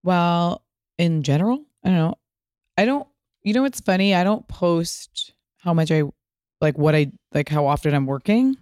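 A podcast host in her thirties from Pasadena, California, speaks in a lowish voice at normal speed, captured in a dry, clean studio recording. Her casual storytelling is animated, full of free swearing and acted-out quotes.

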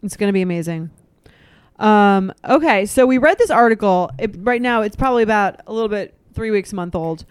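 A woman's voice: mid-range voice, expressive, a little fast, clean tone, dry recording. A woman hosting a podcast, chatting casually with lots of fillers and easy laughter. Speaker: podcast host. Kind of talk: casual chat.

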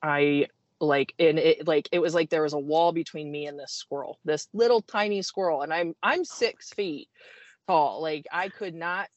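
A woman guest telling a story in a casual interview, animated and self-deprecating, stopping and restarting often. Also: sits low, normal speed, no room sound. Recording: dull, dry sound.

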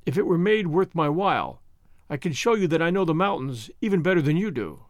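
A man voicing a cautious castle jailer who speaks quietly and carefully, reading a storybook tale. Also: fairly high pitch, animated, no echo, studio quality, natural voice. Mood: guarded. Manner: quiet and measured.

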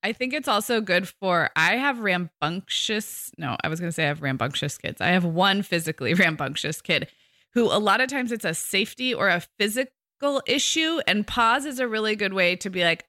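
A woman co-hosting a parenting podcast in casual chat, often acting out quick quoted lines from kids and parents. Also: mid-range voice, animated, bright, forceful tone, no room sound, clean studio sound. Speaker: podcast co-host.

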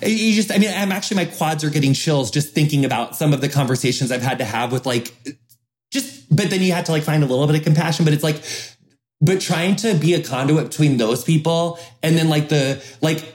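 A man's voice: on the high side, fairly quick, darkish tone. A male podcast host talking in a slightly raised voice, loose and rambling. He restarts his sentences often and drops swear words for emphasis. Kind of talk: casual podcast conversation.

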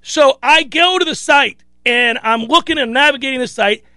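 A man hosting a sports talk show, telling a story in a casual, animated way and acting out other people's lines. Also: very high-pitched, moderate pace, no room sound, clean studio sound. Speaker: sports radio host.

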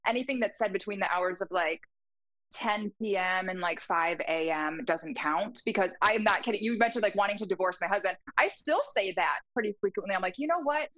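A woman's voice: mid-range voice, fairly quick, a bit bright, no room sound. A woman and mother speaking as a guest in a casual interview, reflective and easy to laugh.

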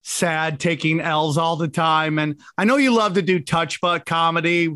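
A man's voice: fairly high pitch, fairly even intonation, measured pace, a bit bright, no echo, clean studio sound. A man co-hosting a comedy podcast, brash and teasing, laughing as he jokes crudely. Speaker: podcast co-host.

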